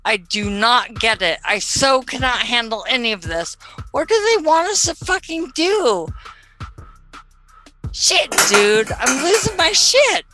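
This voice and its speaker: A woman playing a ditzy young stoner who sells edibles, with spacey valley-girl chatter that breaks into shrill outbursts. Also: expressive, slow, sharp tone, faint music behind. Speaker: comedy sketch character. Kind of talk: comedic character monologue.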